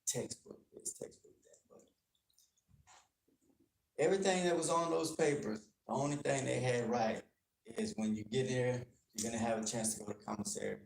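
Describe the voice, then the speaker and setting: In an echoey university lecture room with faint clicking, a man from Texas shares his own story as a guest speaker on gang culture. His voice is gravelly and medium-pitched, steady in tone and moderately paced, and he speaks earnestly and plainly, acting out dialogue.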